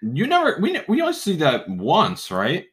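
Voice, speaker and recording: A man co-hosting a casual chat, rambling and animated, often interrupting himself. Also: high-pitched, moderate pace. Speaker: podcast co-host.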